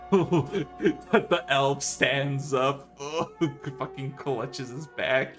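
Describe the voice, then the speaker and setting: Slow-talking male game master. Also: medium pitch, music in the background. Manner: casual, swearing narration with laughter. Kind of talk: narrating a tabletop game.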